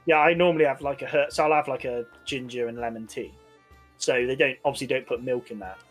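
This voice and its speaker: A man's voice: medium pitch, fast, music in the background. A man, co-hosting a podcast and telling a rambling story full of fillers. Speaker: podcast co-host. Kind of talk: casual chat.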